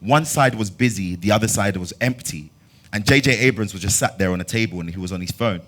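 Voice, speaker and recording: Pitched on the low side and speaking a little fast, a London man in his twenties shares a story at an actor's master class. He talks with a London accent, performs the dialogue animatedly and lets out bursts of loud laughter.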